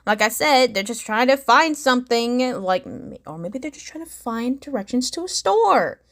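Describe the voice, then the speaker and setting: A woman's voice: fairly high pitch, animated, moderate pace. A woman hosting a reaction commentary video, chatty and sarcastic, with lots of fillers. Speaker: commentary vlogger.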